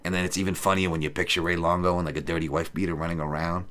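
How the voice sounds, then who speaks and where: A man's voice: low-pitched, flat delivery, rapid-fire, a bit bright. A male podcast host giving casual betting picks and reading chat, with profane, joking, rambling banter. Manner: reads odds and chat comments aloud.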